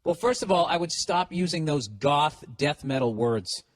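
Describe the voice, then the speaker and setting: Loud, profane, sarcastic male podcast host. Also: on the high side, expressive, moderate pace. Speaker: podcast host giving advice. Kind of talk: casual comedic monologue reading listener letters.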